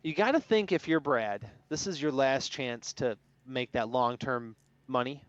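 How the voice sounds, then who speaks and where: A man's voice: mid-range voice, a little slow, no echo. A man co-hosting a podcast, chatting casually and with strong opinions about racing, laughing easily. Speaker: podcast co-host. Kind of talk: casual sports chat. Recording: dull, dry lo-fi sound.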